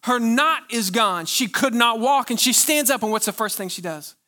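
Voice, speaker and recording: A male pastor preaching a sermon, pressing his points with rhetorical questions and drawn-out pauses. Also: very high-pitched, animated, bright, forceful tone.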